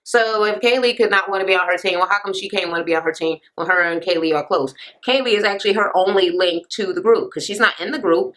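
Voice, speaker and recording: A young woman ranting her way through a reality TV recap. Her voice sits in a middle pitch, and she swears constantly and sasses her way along. At times it leaps into high, squealing bursts. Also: fast talker, few pauses, rough recording. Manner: profane, blunt and sassy; lively, jumps into sudden high squeals. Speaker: vlogger reviewing reality TV. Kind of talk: casual reality TV recap rant.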